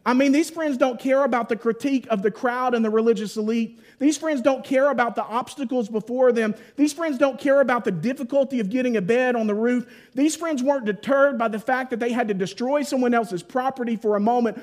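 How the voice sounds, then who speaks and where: Preaching a sermon in a very high voice, a man talks briskly with few pauses. He tells the story in a folksy, playful way full of voiced asides, then drops into a hushed, solemn tone at the key points.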